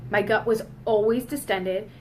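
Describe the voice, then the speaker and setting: A woman's voice: mid-range voice, fairly even intonation, normal speed, background noise. A woman in her thirties talking candidly in a casual personal vlog, emphatic and blunt, now and then swearing. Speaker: vlogger.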